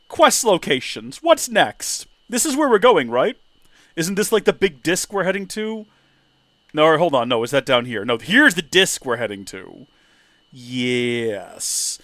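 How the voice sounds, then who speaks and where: A man chatting casually over gameplay, animated and prone to high excited exclamations. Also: moderate pace, dry recording. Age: 30s. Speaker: let's play streamer. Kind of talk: casual gameplay commentary and storytelling.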